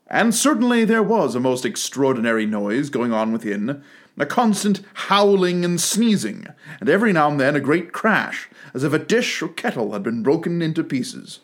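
A man reading a classic storybook aloud with expressive, animated storytelling. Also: on the high side, moderate pace. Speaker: narrator.

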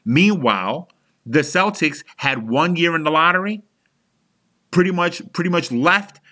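Fired-up man ranting, bright forceful voice. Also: on the high side, unhurried. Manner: heated, frustrated and profane, with frequent restarts. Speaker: sports podcast host. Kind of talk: angry fan rant.

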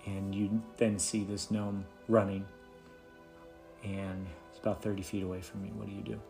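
A man running a tabletop game as game master, narrating in a relaxed, halting way with many fillers and restarts. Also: lowish voice, vocal fry, faint music behind.

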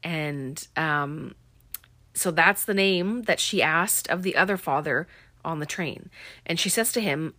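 A woman's voice: deep voice, measured pace, sharp tone, dry recording. A young woman casually recapping a film, chatty and full of fillers.

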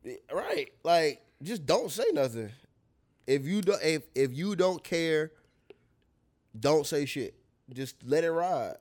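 A man gives his opinions bluntly in a relaxed conversation and swears freely. His voice sits somewhat high for a man. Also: slow. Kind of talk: casual chat.

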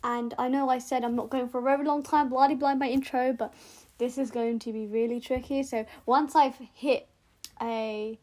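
A young woman talks alone into her podcast mic, and her voice sits high. She speaks earnestly and rambles, restarting sentences and stacking up repeated words. The home recording sounds a bit rough. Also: steady tone, moderate pace, darkish tone. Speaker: podcast host. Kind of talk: casual solo podcast monologue.

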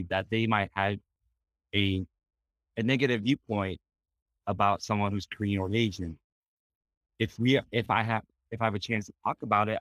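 A man who is a podcast guest, speaking sincerely and haltingly in casual conversation, with many restarts and fillers. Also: on the low side, a bit bright, dry recording. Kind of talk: conversational interview.

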